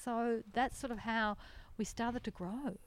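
An Australian woman, a guest in a casual interview, telling animated stories and laughing often. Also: fairly high pitch, a little slow, no echo. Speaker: sanctuary founder, guest.

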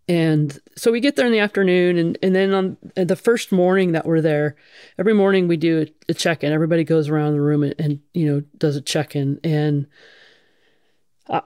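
A middle-aged woman firefighter tells her own story bluntly and casually, swearing freely and leaning on lots of fillers. Her low, slightly mellow voice is clean and studio quality, with no room sound.

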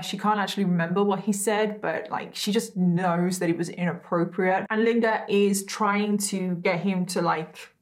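A woman hosting a true crime show, telling the case in a casual, chatty way, often breaking off into giggles and asides. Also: on the low side.

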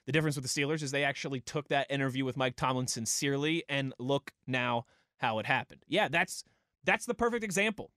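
A man's voice: mid-range voice, fairly quick, bright, forceful tone, no room sound, studio quality. Conversational male sports radio host. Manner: conversational, reads listener tweets aloud. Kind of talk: casual sports talk radio.

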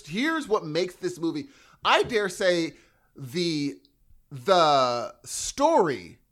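A man co-hosting a podcast, talking casually and enthusiastically with frequent restarts. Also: sits high. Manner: animated, enthusiastic, quick bursts and restarts. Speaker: podcast co-host. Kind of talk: casual chat.

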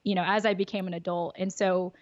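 A woman's voice: lowish voice, little pitch movement, fast talker, dry recording, highs cut off. A woman talking openly and reflectively as a podcast guest, laughing often. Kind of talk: casual conversation.

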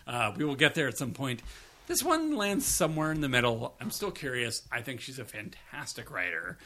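Chatty man with a bright voice. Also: medium pitch, sing-song, normal speed. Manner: chatty and rambling, casual swearing. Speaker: podcast co-host. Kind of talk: casual review chat.

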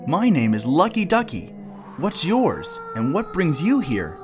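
A man's voice: a little high, huge pitch swings, measured pace, music in the background, voice pushed up. A man voicing a clever, chatty female duck in a read-aloud storybook, with a slightly raised, friendly voice. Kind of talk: storybook character voice.

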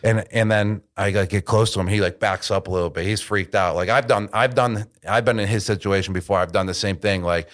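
A man in his thirties talks as a podcast guest, his voice sitting a bit low. He tells stories in a loose, casual way and acts out the other people in them. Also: brisk, hardly any pauses. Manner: animated storyteller, acts out quotes. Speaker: guest, retired football player. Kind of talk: casual interview chat.

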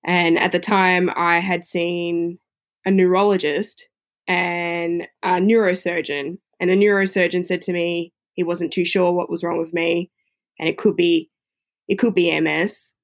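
A woman telling a personal story in a casual, chatty way, often filling pauses with "you know". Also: lowish voice, flat delivery.

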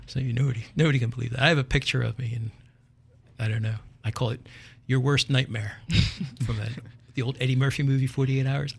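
An older man hosting a show, telling a comic story in a wry, animated way and chuckling at his own tale. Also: medium pitch, a little fast, creaky, slightly rough. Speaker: podcast host.

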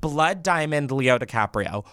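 A woman co-hosting a podcast in casual chat, bubbly and jokey, quick to laugh. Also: sits low, lively intonation, fairly bright tone, no room sound, clean studio sound. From the Valley, California. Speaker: podcast co-host.

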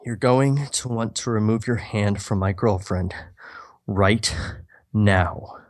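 Man reading as a cold, jealous boyfriend. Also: on the low side. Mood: icy. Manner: flat, icy, slow delivery. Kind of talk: reading a screenplay aloud.

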